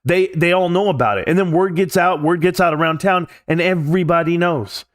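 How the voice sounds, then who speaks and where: A man with a fairly high voice hosts a casual livestream, ranting loosely and bluntly to his chat. He swears now and then and jumps from one thought to the next as he talks straight to his viewers. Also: brisk. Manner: rambling, blunt, mildly profane; addresses chat directly. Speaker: livestream host.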